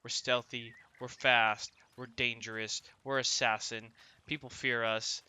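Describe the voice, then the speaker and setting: A man's voice: medium pitch, flat delivery, a little slow, pushed and bright, smooth. A young man hosting a gaming channel, chatting casually about his gameplay and often asking viewers "right?". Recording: voice-over with game music behind.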